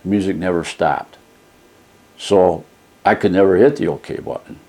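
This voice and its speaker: Low-voiced man rambling through a review. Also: fairly even intonation, normal speed, a little mellow. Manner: rambling folksy storytelling, retelling a phone call. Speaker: product reviewer. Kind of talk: casual spoken product review.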